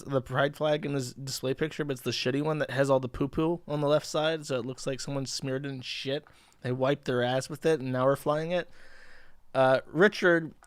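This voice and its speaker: Male streamer in his thirties, slightly high voice, dry close mic, sneering and profane. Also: no room sound. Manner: sarcastic, profane, mocking. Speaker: livestream host. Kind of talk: casual commentary reading posts aloud.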